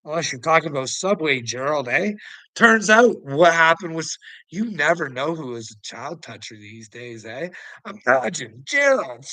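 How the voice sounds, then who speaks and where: A man's voice: a little high, very animated, moderate pace, bright, forceful tone, no room sound, poor audio. A man delivering a profane, taunting rant to the camera, often breaking into laughter. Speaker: online commentator. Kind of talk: ranting monologue to camera.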